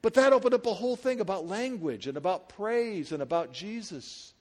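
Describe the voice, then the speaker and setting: A middle-aged male pastor preaching a sermon in a lively, conversational way, firing rhetorical questions at a congregation. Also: high voice, fairly quick, long reverb tail.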